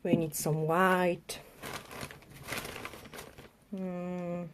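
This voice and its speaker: A woman's voice: on the low side, level tone, drawn-out words, background noise. A woman nail artist chatting on a live tutorial stream, narrating as she tidies her desk, with non-native phrasing. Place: home work desk.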